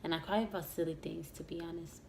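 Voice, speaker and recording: A woman's voice: on the low side, steady tone, fast talker, creaky, mellow, a little hiss or hum. A young woman vlogger telling a story about herself in a casual, rambling way, with frequent restarts and fillers. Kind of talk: story time vlog.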